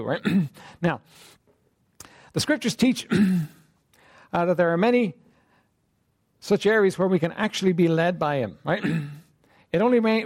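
A man preaching a sermon in a conversational style, asking his listeners "right?" again and again and often clearing his throat. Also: sits high, darkish tone. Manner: conversational preaching with frequent "right?" and "you know what?". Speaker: pastor.

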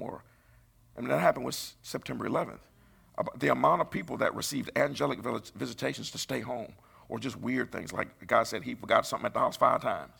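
A middle-aged man preaching a sermon, emphatic and rising into high bursts. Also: fast talker, creaky, pushed and bright, slightly rough.

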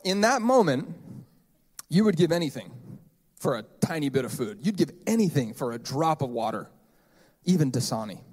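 Male pastor, 30s, sermon, fairly high voice, conversational, joking asides. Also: big pitch swings, moderate pace, a little mellow, breathy edge. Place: church.

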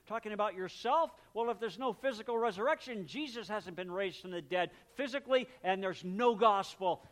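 High-voiced man preaching a conversational sermon. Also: fairly bright tone. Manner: conversational, explains word meanings, acts out little exchanges. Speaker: pastor.

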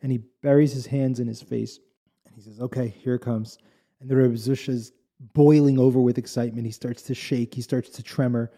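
Gravelly, dark-voiced male storyteller. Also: mid-range voice, brisk. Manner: animated, rambling with restarts and asides. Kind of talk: casual spoken storytelling.

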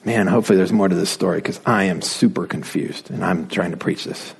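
A male pastor preaching a sermon in a playful, animated way, dropping to whispered asides as he acts out the story. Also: low-pitched, fairly quick, creaky, slightly rough.

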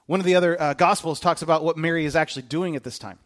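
A man preaching a casual, animated sermon, joking and talking conversationally to his listeners. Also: on the high side, racing.

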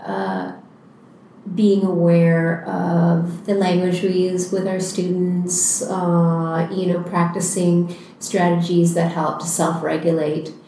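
A woman teacher telling a story in a reflective, unhurried way. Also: on the low side, dark tone, slight background noise. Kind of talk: storytelling in a conversation. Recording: very echoey room.

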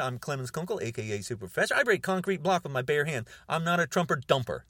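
An angry man in his sixties rants straight to camera, his voice sitting a touch high and swinging widely in pitch. He hammers his points home by repeating words and dragging out the ones he wants to land. The sound is dry, with no room echo. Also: animated, fast, few pauses, fairly bright tone. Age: 60s. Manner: heated, repeats words for emphasis. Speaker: video blogger.

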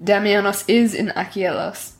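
A man's voice: sits high, steady tone, moderate pace. A woman reading a skeptical soldier officer.

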